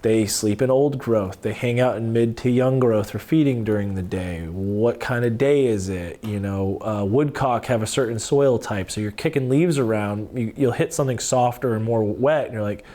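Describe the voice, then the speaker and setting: Profane, animated man telling stories. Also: lowish voice, normal speed, hardly any pauses. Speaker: podcast guest. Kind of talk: casual podcast conversation.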